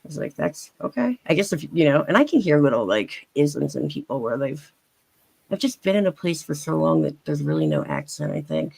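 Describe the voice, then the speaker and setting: A woman's voice: low voice, very animated, fairly quick, creaky, darkish tone, slightly rough, no echo, rough recording. A woman with a faint Philadelphia accent, chatting as a panelist in a rambling, chatty way with many restarts. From Philadelphia area. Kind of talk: casual chat.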